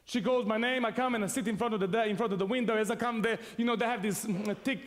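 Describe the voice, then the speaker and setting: A man's voice: extremely high pitch, fast, hardly any pauses, in a large hall. A man from Serbia tells a funny personal story to an audience, laughing often as he goes. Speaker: speaker telling his story to an audience. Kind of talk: humorous personal testimony.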